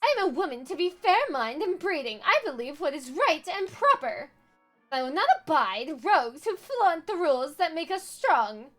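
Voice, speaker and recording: A woman voicing a haughty, sharp-tongued noblewoman who lectures about rules. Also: high voice, very animated, moderate pace, soft background music. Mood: lecturing. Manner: prim and lecturing.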